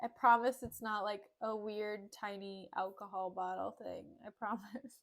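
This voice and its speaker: A woman's voice: mid-range voice, little pitch movement, a little slow. A woman streamer reading a play aloud and retelling it in casual modern words, with breezy, jokey asides.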